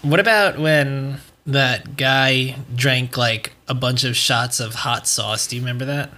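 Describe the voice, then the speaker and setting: A man's voice: medium pitch, measured pace, sharp tone. A young man hosting a podcast, chatting casually and rambling with plenty of swearing. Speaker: podcast host. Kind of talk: casual chat.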